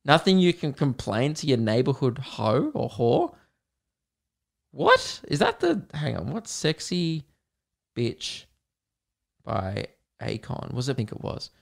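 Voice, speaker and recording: An Australian man hosts a solo podcast in a loose, rambling way. He swears freely and breaks into bits of songs as he talks. His voice sits at an ordinary middle pitch. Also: sing-song, a little slow, gravelly. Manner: rambling, swears, sings song snippets. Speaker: podcast host. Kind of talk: casual solo podcast storytelling.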